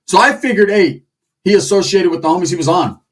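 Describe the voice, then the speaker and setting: A man spinning a crude, comedic story full of slang, with lively swings in his pitch. His voice is husky and a little raised. He sits some way back from the microphone. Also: fast talker, distant mic. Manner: animated, crude, slang-heavy.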